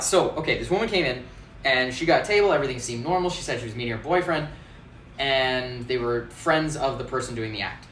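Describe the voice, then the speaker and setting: A man's voice: medium pitch, recorded from a distance. Brief: male bar-owner host, chatty storyteller, recorded in a roomy space some way from the mic with faint background noise. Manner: animated, laughs often, acts out quotes. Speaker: bartender and host. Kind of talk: casual storytelling.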